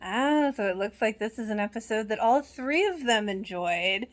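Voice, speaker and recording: Chatty recap host: woman, slightly high voice, laughs easily, loose casual delivery. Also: lively intonation, normal speed. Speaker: reaction channel host. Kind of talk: casual episode recap and reaction.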